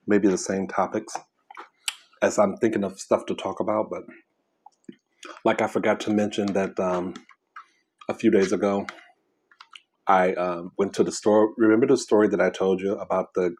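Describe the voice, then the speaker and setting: A man talks through a meal on camera, his voice sitting low. He rambles and breaks off as he chews. A faint hiss runs under the recording. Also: little pitch movement, darkish tone. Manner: rambling, chewing and pausing mid-sentence. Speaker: mukbang vlogger. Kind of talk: casual chat while eating.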